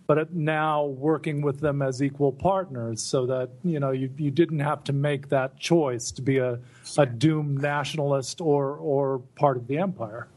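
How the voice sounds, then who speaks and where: A man interviewing a guest, asking long curious questions in a relaxed conversation. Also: fairly high pitch. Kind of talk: casual conversation.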